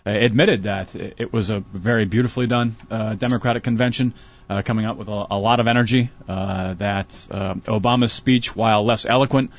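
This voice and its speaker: Low-voiced male pundit, analytical. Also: fairly even intonation. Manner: measured, many fillers and restarts, analytical. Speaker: political commentator, professor and author. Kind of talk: casual political discussion. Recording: dull lo-fi radio broadcast.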